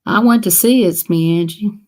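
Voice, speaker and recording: A woman's voice: medium pitch, normal speed, darkish tone. A woman with a Southern US accent chatting casually on a live stream, telling stories to her viewers and laughing often.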